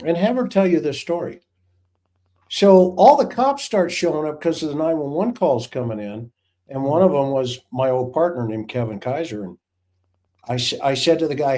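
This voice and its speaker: A man's voice: on the high side, expressive, normal speed, warm tone. A former hostage negotiator, a man, telling a rambling, vivid story in casual chat with many restarts.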